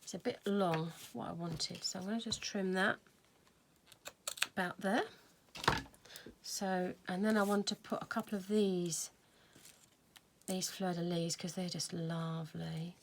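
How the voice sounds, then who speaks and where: A woman's voice: lowish voice, steady tone, a little slow, vocal fry, long pauses, noisy background. A woman hosting a casual crafting tutorial, chatting and thinking aloud as she works. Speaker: craft video host.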